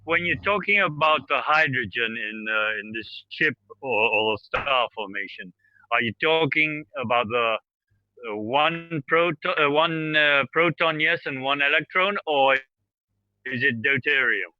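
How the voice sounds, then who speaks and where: A man from Argentina calling in with a question, halting and searching for words. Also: medium pitch, lively intonation, sharp tone, no echo, highs cut off. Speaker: caller asking questions.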